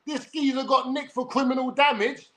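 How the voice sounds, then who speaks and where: A young man with a London accent rambles through a livestream story. He is brash and sweary, and his voice sits fairly high for a man. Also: fairly even intonation, moderate pace, sharp tone.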